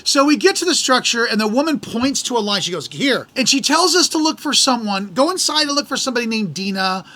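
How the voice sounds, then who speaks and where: A middle-aged American man hosting a podcast, telling a travel story in an animated, exasperated way and acting out the people in it. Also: very high voice, fairly quick, few pauses. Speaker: podcast host. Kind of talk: casual storytelling.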